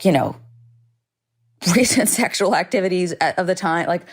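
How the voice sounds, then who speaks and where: A woman's voice: on the low side, moderate pace, husky. A woman hosting a podcast, telling a personal story in a chatty, dramatic way, full of "like" fillers and casual swearing. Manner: vivid, dramatic retelling. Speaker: podcast host.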